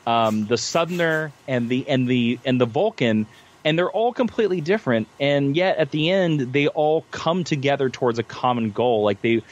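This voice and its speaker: A man with an animated, expressive voice chats as a military veteran guest. He thinks aloud as he goes and keeps restarting and repeating words. The recording is lo-fi and muffled. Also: medium pitch, moderate pace. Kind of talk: casual chat.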